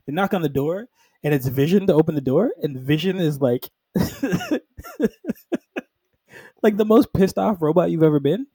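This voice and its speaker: A man casually retelling a comic book storyline, animated, acting out the characters in quick quotes and filling his talk with "like". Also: on the high side, husky, no echo, rough recording. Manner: peppers speech with "like".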